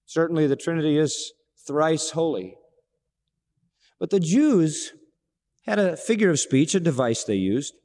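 A man preaching a sermon with a dramatic delivery. He acts out quoted dialogue and swings from hushed low passages to ringing high exclamations. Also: lively intonation, measured pace, pauses often. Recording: long hall reverb.

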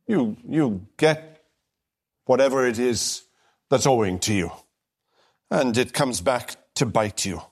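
A man giving a recorded Bible lecture, speaking deliberately and emphatically, slowing down to stress key phrases. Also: medium pitch. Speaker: Bible teacher.

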